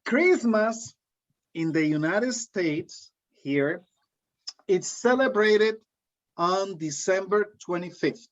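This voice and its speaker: A man's voice: high voice, expressive, slow. A man from Colombia with a Colombian accent, teaching a live online English class in a friendly, joking way and repeating key phrases. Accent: Colombian Spanish. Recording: dull lo-fi sound.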